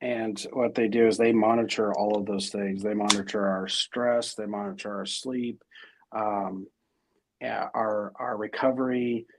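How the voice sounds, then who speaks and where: A man's voice: on the low side, steady tone, a little slow, slight background noise. Middle-aged guy rambling thru an interview, lots of ums and restarts. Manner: rambling, many fillers and restarts. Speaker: interview guest. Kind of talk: casual interview talk.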